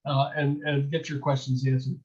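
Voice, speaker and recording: A man's voice: medium pitch, monotone, normal speed, a little mellow, muffled recording. A man hosting a renters' online town hall, giving direct, practical advice with a few filler uhs. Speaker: host of a renters' group meeting.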